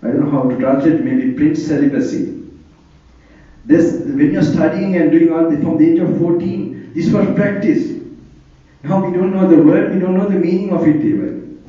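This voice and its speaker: Sri lankan monk giving a chatty rambling sermon, dark mellow voice a bit high, sounds far off in an echoey hall. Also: male voice, steady tone, moderate pace. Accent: Sri Lankan English. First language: Sinhala. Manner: chatty and digressive, chuckling often. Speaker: Buddhist monk. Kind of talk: informal Dhamma sermon. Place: hall on tour. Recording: roomy, distant, lo-fi hall recording.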